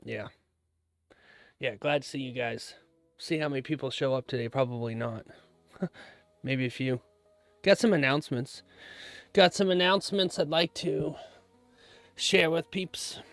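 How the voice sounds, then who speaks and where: A man's voice: medium pitch, measured pace, pauses often, fairly bright tone, dry recording, soft background music. A man hosting a trading live stream, chatting casually and easily with his viewers while checking charts. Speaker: livestream host, futures trader.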